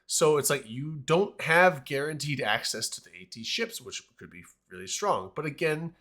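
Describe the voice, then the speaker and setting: A man's voice: fairly high pitch, animated, normal speed, fairly bright tone. A man hosting a casual panel discussion, talking in a hesitant, rambling way with many restarts.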